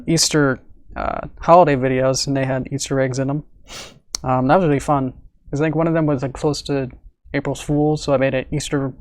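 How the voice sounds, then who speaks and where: An animated man with a slightly high voice chats casually on a livestream about his work, recorded without room sound. He rambles, fills his speech with fillers and laughs often.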